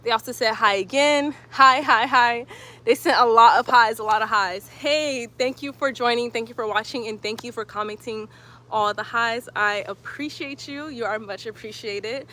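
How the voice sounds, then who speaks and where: A woman guiding a yoga stretch routine with steady breathing cues and casual asides. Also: on the high side, normal speed. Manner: calm breath cues, chatty when reading comments. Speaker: yoga instructor. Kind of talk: guided yoga instruction.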